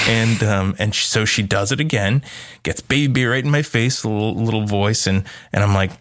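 A man's voice: fairly low pitch, normal speed. A man in his thirties, a podcast co-host, telling a family story in casual chat and acting out quotes. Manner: animated, acts out quotes with a raised voice.

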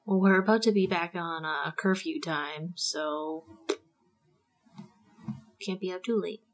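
A woman's voice: lowish voice, steady tone, slow pace. A woman co-hosting a podcast in casual chat, blunt and sarcastic, swearing freely. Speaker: podcast co-host.

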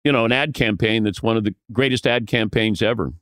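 A man guest telling lively stories from his broadcasting career, acting out the quotes. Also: on the low side, fairly quick, smooth, no room sound, studio quality. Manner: lively storyteller who acts out quotes. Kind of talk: animated anecdote telling.

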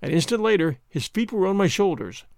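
A man reading a story aloud in an expressive, dramatic way. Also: sits high, brisk, vocal fry, dry recording, clean studio sound. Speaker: narrator.

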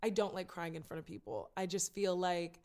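A woman's voice: on the low side, fairly even intonation, a little fast, a little mellow. A woman talking candidly and emotionally in a casual conversation, laughing and tearing up easily as she opens up.

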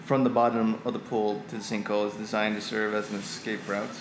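A man narrating as game master of a tabletop game, often pausing and correcting himself. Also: on the low side, level tone, noisy background. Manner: halting, lots of fillers and self-corrections. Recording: echoey room, faint music.

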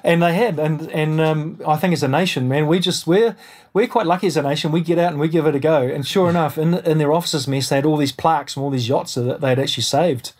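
A man's voice: a little high, fast. New Zealand man telling a story. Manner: animated, rambling storyteller with many restarts. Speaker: guest, airline pilot and adventurer. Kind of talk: storytelling in an interview.

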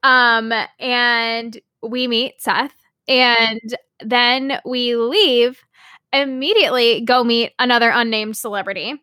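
A woman's voice: a little high, fairly even intonation, slow pace, pushed and bright, no echo, studio quality. A young woman co-hosting a podcast, telling travel stories in a casual chat and laughing often. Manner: chatty storyteller, laughs often. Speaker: podcast co-host.

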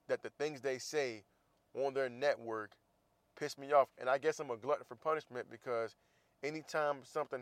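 A man rants in a blunt, profane opinion monologue. His voice sits at an ordinary middle pitch. The sound is close and dry, with no room around it. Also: no room sound. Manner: blunt, profane, heated ranting with sarcastic asides. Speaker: podcast host.

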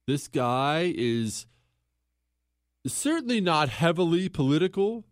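Man, young adult, podcast host, fairly high pitch, dry sound, emphatic, rhetorical, repeats words. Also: no echo. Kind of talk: political commentary monologue.

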